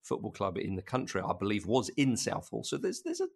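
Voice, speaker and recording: A man talking about a film in a casual podcast chat, lively and full of restarts. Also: on the low side, a little fast, gravelly. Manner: animated, with many restarts and laughs. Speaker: podcast co-host.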